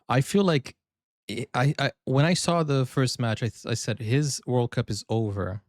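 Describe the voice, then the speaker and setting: A man from Brazil hosting a sports reaction video, chatting excitedly and often stumbling and restarting his sentences. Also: mid-range voice, normal speed, no echo, clean studio sound. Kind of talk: casual reaction commentary.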